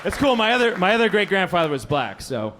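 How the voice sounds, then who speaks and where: A middle-aged man doing a stand-up set in a comedy club, rambling and self-deprecating, with bursts of shouting. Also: sits high, very animated, fast talker, some chatter behind, a little hiss or hum.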